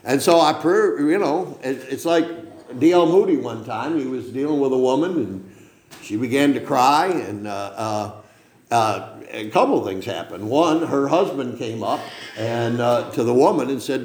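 A man's voice: mid-range voice, animated, normal speed, darkish tone. Older preacher man, echoey church. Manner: rambling, emphatic, frequent "okay?" asides. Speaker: pastor. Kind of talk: sermon. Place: church sanctuary.

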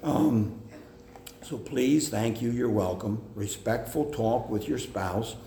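A man preaching a sermon on family life, slow and deliberate, with hesitant fillers. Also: mid-range voice, gravelly, warm tone. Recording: echoey hall with faint noise.

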